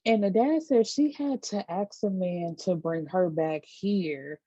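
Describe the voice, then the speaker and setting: A woman vlogger casually recapping a TV episode, chatty and animated, acting out quotes and dropping side comments. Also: lowish voice, slow, dry recording, dull audio. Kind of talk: casual chat.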